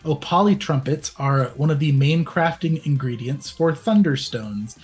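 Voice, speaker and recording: A man's voice: fairly high pitch, a little slow, a little mellow. Laid-back male game master. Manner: easygoing, laughs at his own slips. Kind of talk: running a tabletop game.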